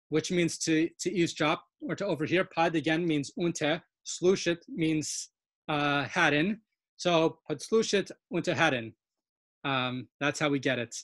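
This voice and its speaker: A woman's voice: deep voice, measured pace, no room sound. Nerdy woman lecturing over a video call. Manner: enthusiastic, self-described nerd, explains with many fillers. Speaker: Yiddish dialect instructor. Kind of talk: online webinar lecture.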